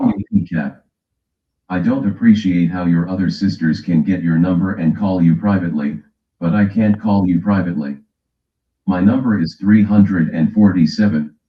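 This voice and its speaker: A man with a New York accent bickering and teasing, swearing freely in casual stream chat. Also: sits low. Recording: echoey, dull stream audio.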